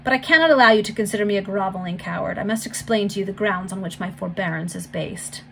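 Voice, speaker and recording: A woman's voice: mid-range voice, fast talker, creaky, a little hiss or hum, natural voice. A woman reading the lines of a jovial, mocking aristocratic baronet, bantering and amused.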